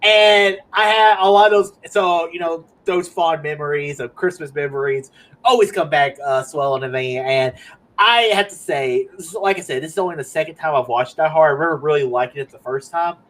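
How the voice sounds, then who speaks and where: Young male co-host, slightly high voice, animated casual movie chat. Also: fairly quick, poor audio. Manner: animated, laughs often, acts out quotes. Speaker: podcast co-host.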